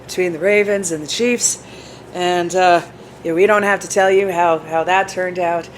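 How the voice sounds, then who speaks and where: A woman's voice: fairly low pitch, steady tone, moderate pace, rough recording. Rambling, self-deprecating woman co-host, casual chat, light background noise. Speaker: podcast co-host. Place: bar in a bookstore.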